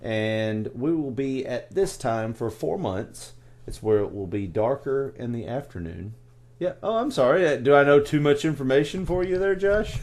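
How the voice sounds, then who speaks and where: A man's voice: mid-range voice, expressive, darkish tone. A man from the United States co-hosting a casual podcast, joking around and laughing often. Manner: jokey, laughs often, quick asides. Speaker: podcast co-host. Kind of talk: casual chat.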